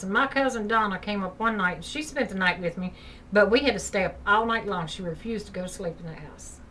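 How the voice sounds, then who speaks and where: A woman's voice: mid-range voice, bright, forceful tone. A woman vlogger at home, chatting loosely through a ghost story and filling her talk with "you know". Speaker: vlogger telling ghost stories. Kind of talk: casual spoken storytelling. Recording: distant mic, faint background hiss.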